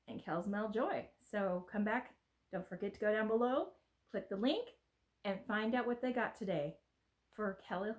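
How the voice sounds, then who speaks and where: Chatty homey woman vlogger. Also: medium pitch. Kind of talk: casual chat.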